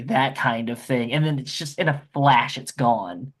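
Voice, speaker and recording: A man narrating a scene in a tabletop game, halting with fillers. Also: medium pitch. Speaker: player narrating his scene.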